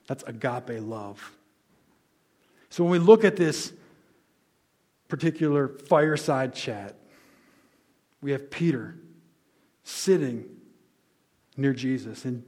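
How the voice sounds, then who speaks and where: A man preaching a sermon as pastor, conversational, explaining words and restating them, dropping soft on key lines. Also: a little high.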